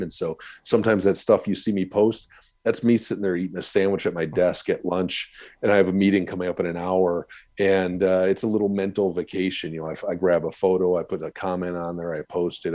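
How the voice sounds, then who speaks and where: A man with a very deep voice, from the Upper Midwest, chats as a podcast guest about his guiding work. He rambles, restarts and pokes fun at himself in an easy, unhurried way. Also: mellow, dry recording. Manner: rambling, self-deprecating, many restarts. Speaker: podcast guest, canoe guide and blogger. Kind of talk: casual interview talk.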